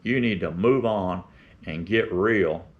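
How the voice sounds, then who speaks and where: A man's voice: deep voice, slow pace. A man in his seventies from with a drawl, talking to his beekeeping channel in a folksy, opinionated, rambling way. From Florida. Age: 70s. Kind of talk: rambling casual vlog talk. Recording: dull lo-fi sound.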